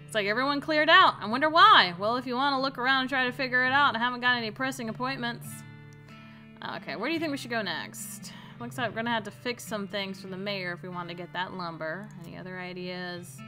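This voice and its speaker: A woman's voice: fairly high pitch, fast talker, sharp tone, faint music behind. A woman streamer playing a comedy western game, reading the text aloud with playful, amused asides.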